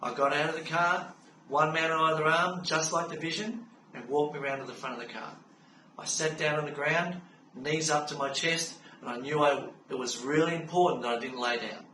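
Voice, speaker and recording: A middle-aged Australian man calmly recounting a personal story in an unhurried way, with frequent fillers. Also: a little high. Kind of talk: personal spoken testimony. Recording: roomy sound from a distance with faint background hum.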